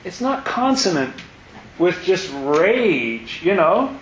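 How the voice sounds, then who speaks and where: A man's voice: high voice, sing-song, takes it slowly. A man teaching a Bible study class, thinking aloud in a questioning, emphatic way with frequent restarts. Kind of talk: classroom scripture discussion. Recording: roomy, dull, faint hiss.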